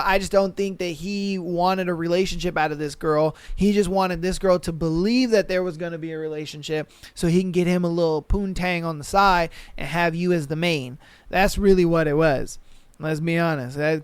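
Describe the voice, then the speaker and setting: A man with a high voice hosts a podcast, reading listener stories aloud and breaking off to riff on them in lively slang. He talks into a close, dry mic with no room sound. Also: clear, resonant tone, dry recording. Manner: animated, slangy, acts out quotes in voices. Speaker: podcast host.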